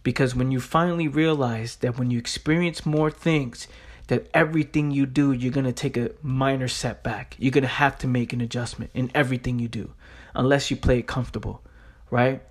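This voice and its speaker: A man of ordinary, middle pitch talks straight into the mic for his motivational podcast. He is blunt and profane, hammers his points by repeating them, and keeps checking in with the listener by asking "right?". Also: steady tone, brisk. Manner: repeats himself for emphasis. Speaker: podcast host.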